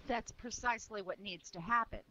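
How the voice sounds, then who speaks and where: A woman's voice: mid-range voice, brisk, bright, forceful tone. A woman in a heated, profane political rant, firing off rhetorical questions at her listener. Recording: dull lo-fi recording.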